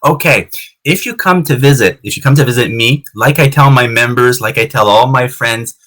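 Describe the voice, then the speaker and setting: Chatty man with a bright voice. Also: mid-range voice, moderate pace. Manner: chatty, repeats words, laughs easily. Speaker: interview guest, clan society founder. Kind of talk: casual storytelling interview. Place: home in Canada. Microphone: video call.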